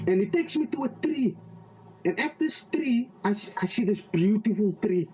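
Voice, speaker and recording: A man with a high yet mellow voice tells a personal testimony of faith, slowing down for the vivid details and stumbling over repeated words as he goes. He sounds a little distant from the mic, and the audio is dull and lo-fi. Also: expressive. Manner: halting, with frequent repeated words and restarts; slow and vivid when describing a dream. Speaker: interviewee giving a faith testimony.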